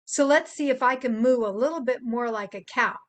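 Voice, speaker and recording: An older woman presenting to children in a gentle, playful teaching manner, stopping to imitate animal sounds. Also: a little high, brisk. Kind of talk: gentle instructional talk to children.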